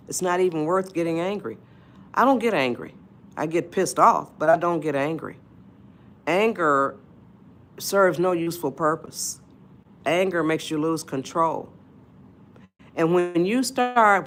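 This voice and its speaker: Slow, lively-pitched woman giving a motivational talk. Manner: emphatic, repeats "you see?", addresses viewers as y'all. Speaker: live-stream host. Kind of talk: motivational live-stream talk.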